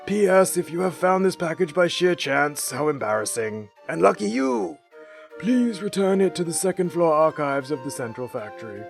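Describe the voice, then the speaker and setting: A man's voice: fairly high pitch, lively intonation, normal speed, gravelly, soft background music, voice pushed up. A man doing a courtly old academic man. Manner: formal, old-fashioned diction. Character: elderly male academic quartz researcher, courteous and formal. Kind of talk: podcast voice acting.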